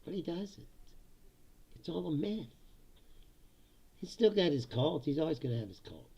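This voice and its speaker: A man hosting a casual political rant, sarcastic and laughing often, swearing and mocking his opponents in put-on high voices. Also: expressive, normal speed, vocal fry, dark tone, breathy edge, highs cut off. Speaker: political commentary host.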